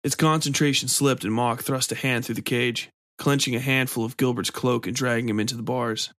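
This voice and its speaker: A male storyteller reading scripted narration in a measured, even manner. His voice sits at a middling pitch and is recorded dry and close, with no room sound. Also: no echo.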